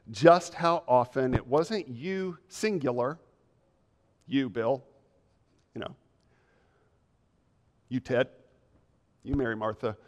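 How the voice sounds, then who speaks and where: A male pastor delivers a measured, emphatic sermon full of repeated phrases. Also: medium pitch, a little mellow. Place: church sanctuary. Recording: long reverb of a church hall.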